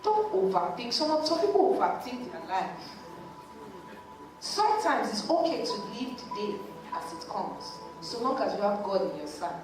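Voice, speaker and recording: A woman, a psychologist telling a story to a church congregation in an animated way. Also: medium pitch, normal speed, music in the background. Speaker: psychologist speaking at a church service. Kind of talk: lively talk at a church service. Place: large church hall. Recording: echoey church hall, mic at a distance.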